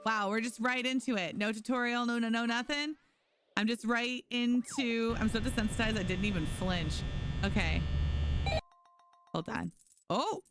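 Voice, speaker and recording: Over music, a woman streams a game live, chatting casually and thanking viewers by name, with frequent restarts and fillers. Her voice is a little high and her pace normal.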